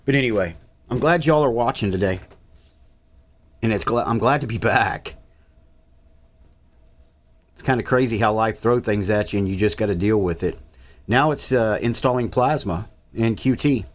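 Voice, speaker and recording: A man with a drawl narrates a screen-recorded tutorial in a low voice. He rambles easily, with frequent filler sounds, in a casual, friendly walkthrough manner. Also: moderate pace, pauses often. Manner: easygoing, rambling, with filler uhs. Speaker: tech channel host.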